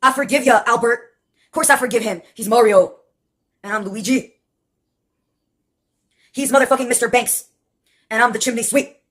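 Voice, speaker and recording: A woman's voice: a little high, normal speed, long pauses, a bit bright. A woman in her late twenties telling a rambling, profane personal story with sardonic asides and laughs mid-sentence. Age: late 20s.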